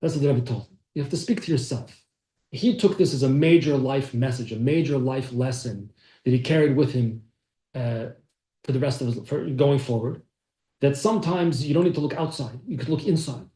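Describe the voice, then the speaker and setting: A man's voice: mid-range voice, normal speed, dark tone. Man teaching a class in an echoey room. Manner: storytelling, acts out quoted speech. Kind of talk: telling a story in a class.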